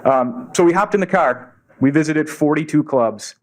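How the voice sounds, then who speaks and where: A man's voice: fairly high pitch, animated, moderate pace. Earnest man telling a story at a podium. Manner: earnest, acts out quoted dialogue. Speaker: Rotary district governor giving a speech. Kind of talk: storytelling speech to a club audience. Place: meeting room, before a live audience.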